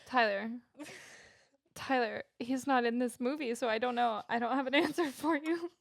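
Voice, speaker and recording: Easygoing woman cohost, highish voice, super dry close mic, laughs easy. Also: moderate pace, creaky, dry recording. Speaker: podcast co-host. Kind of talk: casual chat.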